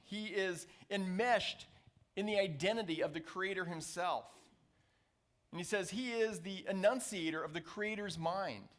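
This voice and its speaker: A man preaching a sermon as a pastor, reading scripture aloud and slowing down to stress key phrases. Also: high-pitched. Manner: reads scripture passages aloud.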